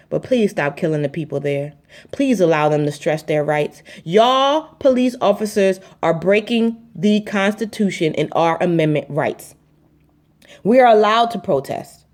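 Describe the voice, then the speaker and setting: A woman blogger giving a fiery, preachy live-stream address, repeating herself and swearing bluntly. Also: mid-range voice. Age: adult with four children.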